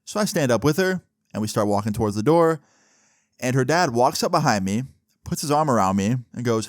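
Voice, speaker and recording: A man's voice: mid-range voice, animated, a little fast, no room sound, clean studio sound. Laid-back young man telling a story. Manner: chatty, laid-back, conversational. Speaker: YouTuber storyteller. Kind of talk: casual storytime narration.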